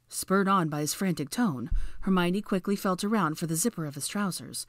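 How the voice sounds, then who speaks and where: A woman reading fan fiction aloud as audiobook narration, in a measured, even manner. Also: on the low side, dry recording, studio quality.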